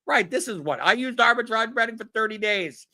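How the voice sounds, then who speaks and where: Male host, gravelly, slightly high voice, blunt and exasperated, swears freely. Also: animated, fairly quick, bright, forceful tone. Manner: blunt, profane, exasperated riffing. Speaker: podcast host answering viewer questions. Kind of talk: casual ranting Q&A monologue.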